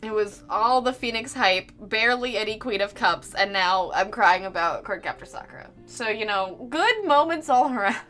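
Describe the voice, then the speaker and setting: Bright, giggly woman streamer. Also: medium pitch, animated, moderate pace, hardly any pauses. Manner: effusive, giggly, chatty with frequent laughs. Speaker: artist live-streaming her drawing. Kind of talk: casual live-stream chat with viewers. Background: faint background music.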